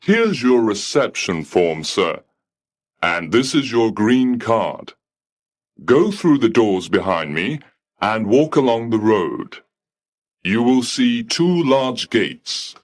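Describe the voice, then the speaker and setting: A man voicing a polite, unbending male receptionist at heaven's gate who speaks formally and calmly. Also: medium pitch, takes it slowly. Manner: formal, calm, coolly polite.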